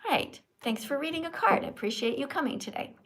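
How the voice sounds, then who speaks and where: A woman from Canada hosting a casual live stream, chatty and animated, quizzing guests in a teacherly way. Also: sits high, quick pace.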